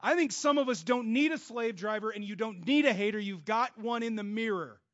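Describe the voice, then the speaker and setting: A man preaching a sermon with passion, moving between loud bursts and hushed stretches. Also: high-pitched, a little fast. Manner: acts out God's voice and inner voices in quotes. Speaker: pastor. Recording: dull lo-fi sound.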